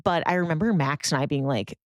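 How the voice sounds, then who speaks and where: A woman's voice: deep voice, a little fast, no room sound, clean studio sound. A young woman co-hosting a podcast, talking casually and filling her speech with fillers. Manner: chatty, heavy use of filler words. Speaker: podcast co-host. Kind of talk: casual chat.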